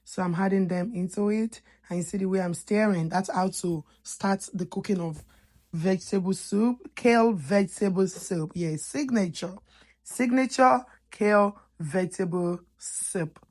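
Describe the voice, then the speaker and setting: A woman with a warm, medium-pitched voice hosts a cooking channel, speaking at a moderate pace in a casual voice-over. She explains each cooking step in a chatty, playful way, teasing viewers with laughs.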